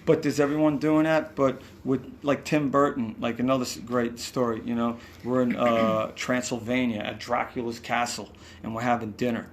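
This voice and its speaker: A man's voice: mid-range voice, flat delivery, normal speed, hardly any pauses, slight background noise. A man with a New York accent tells rambling backstage stories in a casual interview, acting out quotes and swearing now and then. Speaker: musician guest. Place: hotel room.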